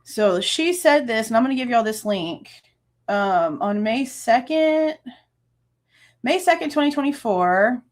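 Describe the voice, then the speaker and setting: A woman's voice: on the high side, lively intonation, a little slow. A woman, hosting a true crime livestream, ranting angrily, swearing and laughing between outbursts. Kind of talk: casual livestream rant.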